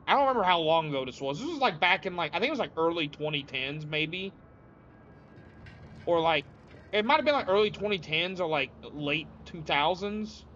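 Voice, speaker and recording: A man's voice: a little high, a bit bright, a little hiss or hum. A young man streaming a game, chatting loosely with his viewers in a rambling, laid-back way. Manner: rambling, laid-back, says "dude" often. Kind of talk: casual chat with viewers while playing. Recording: lo-fi, dull sound with faint music.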